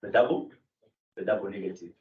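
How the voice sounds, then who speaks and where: Male lecturer, low voice, explanatory classroom delivery; distant, muffled mic. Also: fairly quick. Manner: explanatory, with fillers and self-corrections. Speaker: Greek lecturer. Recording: echoey room, distant mic, dull sound.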